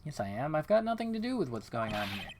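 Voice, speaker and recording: A man's voice: on the high side, sing-song, fast, noisy background. A man doing a timid nervous ventriloquist. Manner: hesitant, mumbling. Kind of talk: game dialogue read aloud.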